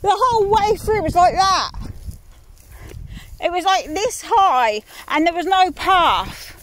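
Slow-talking high-voiced woman outdoors. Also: lively intonation, a bit bright, a little hiss or hum. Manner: chatty, exasperated grumbling, swears freely. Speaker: mother vlogging a countryside walk. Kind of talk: casual outdoor vlog chat. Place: outdoors in fields on a farm.

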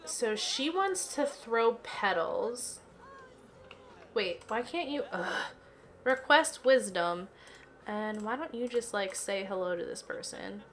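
A woman's voice: medium pitch, animated, slow pace, fairly bright tone, slight background noise. A woman chatting casually through gameplay commentary from her home office, giggly and filling her talk with "like" and "um". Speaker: let's play gamer.

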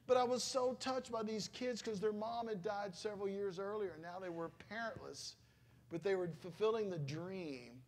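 A middle-aged pastor preaches with a notably high-pitched voice. He talks to the congregation in a loose, conversational way, telling stories with emotional exclamations. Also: moderate pace. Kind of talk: sermon.

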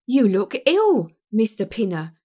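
A woman reading an audiobook, voicing a glib young male clerk who talks briskly and smoothly. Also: high-pitched, big pitch swings, darkish tone, voice pushed up. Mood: eager.

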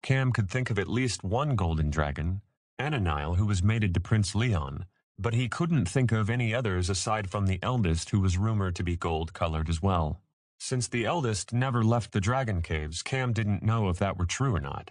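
A man narrating an audiobook in a steady, measured reading voice. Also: low voice, no echo, studio quality. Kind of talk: scripted narration.

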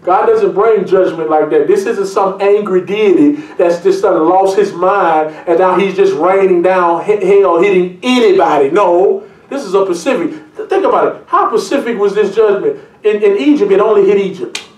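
A man preaching a sermon as pastor, reading scripture aloud and breaking into jokes and lively asides. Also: high-pitched, moderate pace, recorded from a distance. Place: church. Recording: echoey room, mic from afar.

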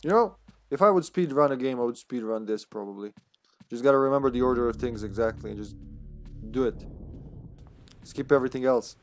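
A man's voice: mid-range voice, brisk, long pauses, faint music behind. A man with a Serbian accent, a native Serbian speaker, chatting casually and laughing often as he livestreams a game. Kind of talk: casual gameplay commentary.

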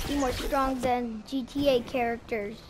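A woman's voice: fairly high pitch, steady tone, measured pace, noisy background. A woman goofing around in a game roleplay, joking and narrating her own moves. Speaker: roleplay player. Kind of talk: playful game roleplay chatter.

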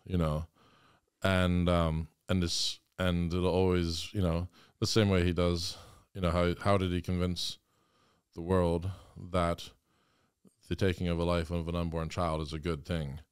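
A man's voice: deep voice, little pitch movement, a little slow, clean tone, no echo, clean studio sound. A man, a priest, talking earnestly and with passion in an interview. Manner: earnest, impassioned storytelling. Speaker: guest priest. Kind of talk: conversational interview.

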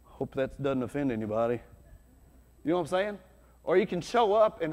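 A man preaching a sermon as pastor, conversational and energetic, with sudden loud bursts. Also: on the high side, brisk. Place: church hall. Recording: long hall reverb.

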